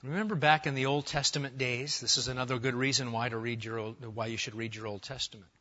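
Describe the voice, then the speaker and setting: A middle-aged man preaching an expository sermon, lively and conversational, asking the congregation questions. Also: medium pitch, quick pace, lo-fi sound. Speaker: pastor.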